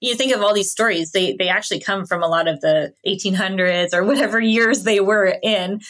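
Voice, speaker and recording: A woman from Canada, a podcast guest telling lively travel stories and laughing along the way. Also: mid-range voice, fairly quick. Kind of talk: casual interview storytelling.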